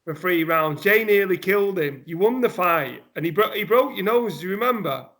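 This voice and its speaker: Animated British man, raised-voice storyteller. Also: high voice, brisk. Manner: animated storyteller, laughs often. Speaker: podcast guest, motivational speaker. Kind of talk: casual chat.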